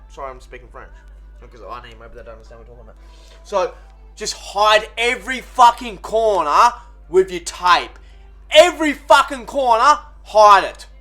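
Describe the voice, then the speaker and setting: A man's voice: on the high side, pushed and bright. A man giving rambling, sweary mock how-to advice while hungover. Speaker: vlogger. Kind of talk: comedic how-to vlog.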